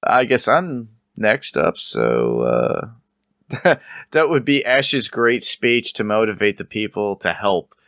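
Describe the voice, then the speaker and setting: Man, podcast host, casual chat, bright voice, dry close sound, laughs often. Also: fairly low pitch, sing-song, slow, vocal fry, no echo. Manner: laughs often, keeps the turns moving.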